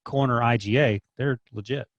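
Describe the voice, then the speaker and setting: A man's voice: mid-range voice, normal speed, vocal fry, dry recording, muffled recording. A man co-hosting a football podcast, making dry, matter-of-fact remarks in casual chat. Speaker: podcast co-host.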